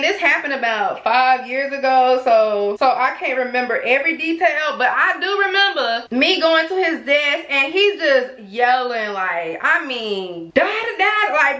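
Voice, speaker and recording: A young woman vlogger chats to her viewers in an animated, storytelling way while doing her hair. Her voice sits high and sounds bright and sharp. The room gives it a noticeable echo. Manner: animated, talks straight to viewers as "y'all". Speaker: beauty vlogger. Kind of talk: casual storytelling chat while styling hair. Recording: roomy echo.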